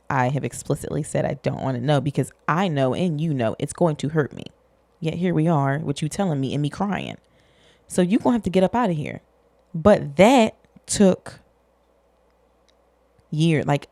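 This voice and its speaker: Young woman host, vocal fry, rambly and blunt, cusses a lot, dry close sound. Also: deep voice, mellow, dry recording. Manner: rambling, frank, swears freely, self-deprecating. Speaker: podcast host. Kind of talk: candid casual monologue.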